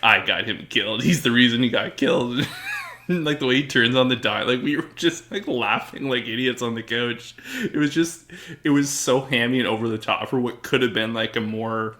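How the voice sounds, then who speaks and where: A man's voice: mid-range voice, moderate pace, fairly bright tone. A young man co-hosting a casual podcast chat, rambling with lots of filler words and frequent laughter. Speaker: podcast co-host.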